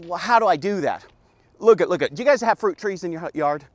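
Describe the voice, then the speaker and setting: A man with a very high voice gives a loose, chatty daily devotional. He talks in an animated, down-home way, repeating little phrases as he goes. The sound is close and dry, with no room echo. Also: fast. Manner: animated, repetitive and folksy, often saying "look at" and "okay". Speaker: devotional host. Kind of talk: casual devotional talk. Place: outdoors in a park.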